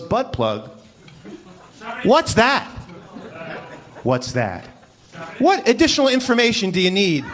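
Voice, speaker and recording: A man doing a stand-up comedy set on a club stage, animated and mock-incredulous, acting out little voices as he tells his stories. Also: very high-pitched. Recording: live club recording with crowd noise. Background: audience laughter.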